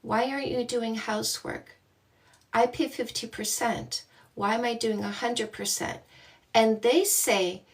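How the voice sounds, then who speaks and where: Middle-aged woman dating coach, high and unhurried, chatty livestream host, a little far from the mic. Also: fairly even intonation. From Canada. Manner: greets viewers by name, playful and chatty. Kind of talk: livestream chat with viewers.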